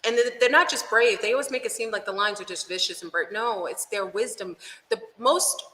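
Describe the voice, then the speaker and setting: A woman's voice: mid-range voice, brisk, sharp tone, slight background noise. A woman guest in a casual spiritual chat, talking in an earnest, enthusiastic way. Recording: echoey room with long reverb.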